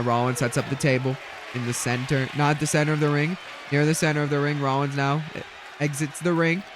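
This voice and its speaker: A young man calling wrestling play-by-play in a rapid, breathless rush, his voice fairly high and strongly bright. He keeps piling on move after move and breaks into loud shouts at the big moments, with a faint hum of ambience behind him. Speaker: play-by-play commentator. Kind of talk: excited wrestling play-by-play commentary.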